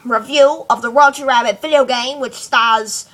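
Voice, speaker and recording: A woman's voice: a little high, steady tone, moderate pace, fairly bright tone. A woman vlogger giving a rambling, casual fan commentary full of fillers. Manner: rambling, chatty, many fillers.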